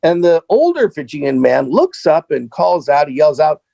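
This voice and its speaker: A man telling a long personal anecdote as an interview guest, animated, with many fillers and restarts. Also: normal speed, gravelly, no room sound, muffled recording. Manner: grows higher and more excited as the tension builds. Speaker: political candidate as guest. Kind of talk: anecdotal storytelling.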